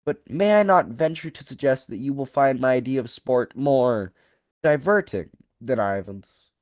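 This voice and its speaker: A man's voice: medium pitch, expressive, a little mellow, no echo, muffled recording, pitched above the performer's own voice, close to an everyday voice. A man voicing a suave aristocratic male hunter general, cruel and genteel, with a courtly, purring, theatrical delivery, drawing out his phrases. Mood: relishing. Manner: drawn-out, relishing phrasing raised above the narrator's voice. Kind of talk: audiobook character voice.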